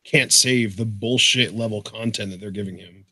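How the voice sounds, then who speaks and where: A man's voice: on the low side, normal speed, sharp tone, no echo. A man co-hosting a wrestling talk show, giving critical explanations in casual chat. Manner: critical, explanatory, agreeing with co-host. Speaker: wrestling podcast co-host.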